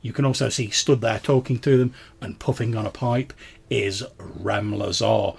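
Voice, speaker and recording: A man's voice: fairly low pitch, steady tone, normal speed, vocal fry, darkish tone, breathy edge. A man narrating a tabletop game as game master, rambling through descriptions full of fillers.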